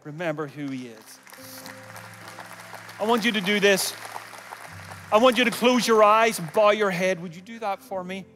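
A man preaching a sermon and leading an altar call, swinging from loud calls to hushed near-whispers, with humorous asides. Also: high voice, moderate pace, pauses often, long reverb tail, faint music behind, a faint crowd. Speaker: guest preacher. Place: large church auditorium.

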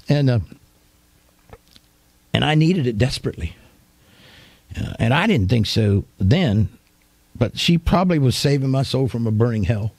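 An older man, a pastor, giving a storytelling sermon in a folksy, homespun manner with animated retelling. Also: medium pitch, vocal fry, no echo.

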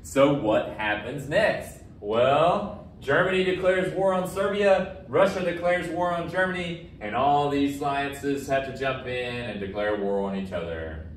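A man's voice: medium pitch, lively intonation, unhurried, hardly any pauses. A male history teacher talking casually through practice exam questions, with a joking, sarcastic streak. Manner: casual and jokey, self-described as sarcastic. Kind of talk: recorded lesson walking through practice questions. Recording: roomy echo, distant from the mic, faint background noise.

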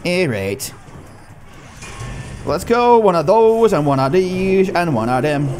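A young man gives lively live commentary on his gameplay, his slightly high voice swinging widely in pitch. He coaxes his cards, mocks himself and talks straight to his viewers. A faint music track plays behind him. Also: takes it slowly. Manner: excitable, talks to the cards and the viewers, self-mocking. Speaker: gaming YouTuber.

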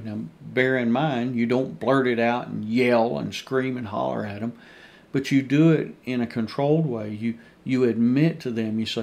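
A male pastor with a mid-pitched, gravelly voice leads a Bible study. He speaks earnestly, drives each point home by repeating it, and addresses his listeners as dear friends. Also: a little mellow.

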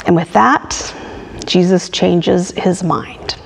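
A woman pastor who reads a poem aloud and then preaches a sermon with lively emphasis. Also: fairly low pitch, takes it slowly, vocal fry, slightly rough. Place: church sanctuary. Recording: long hall reverb.

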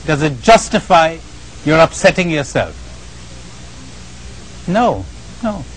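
A man giving a spiritual lecture to a live audience, animated and questioning, often asking the listeners questions and acting out the voices of the people he describes. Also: fairly high pitch, takes it slowly, poor audio. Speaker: spiritual teacher.

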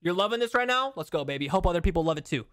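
A man's voice: sits high, lively intonation, racing, fairly bright tone, no room sound, clean studio sound. A young man giving casual, slangy gaming commentary, hyped and repeating himself. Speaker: gaming YouTuber.

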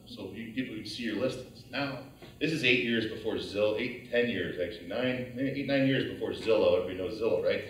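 Low-voiced man lecturing in an echoey hall. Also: fast, recorded from a distance. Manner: animated, conversational, acts out his own past thoughts. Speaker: guest lecturer. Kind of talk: storytelling lecture. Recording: very echoey hall, heard from afar.

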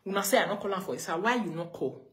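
Speaking rapid-fire in an animated, slightly bright mid-range voice, a Nigerian-accented woman rants during a live video. It's a confrontational outburst in which she keeps scolding someone with the same sharp questions over and over.

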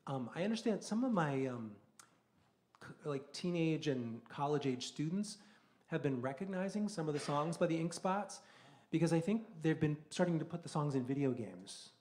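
A man's voice: fairly high pitch, lively intonation, moderate pace, darkish tone. A man singing in a vocal quartet, chatting casually to a small live audience between songs with plenty of ums and likes. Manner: casual, chatty, with many fillers. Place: small live music venue.

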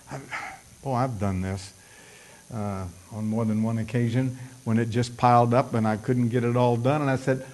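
A man's voice: medium pitch, unhurried, pauses often, a little mellow. A male pastor preaching a sermon, acting out prayers in a raised voice, with folksy asides.

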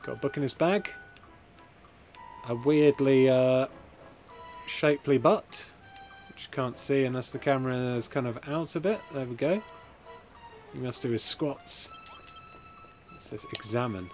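A man's voice: mid-range voice, measured pace, long pauses, darkish tone, faint music behind. A man chatting through a game, joking and reading viewer comments aloud, feeling hot and sweaty. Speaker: Let's Play streamer. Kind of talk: casual gameplay commentary.

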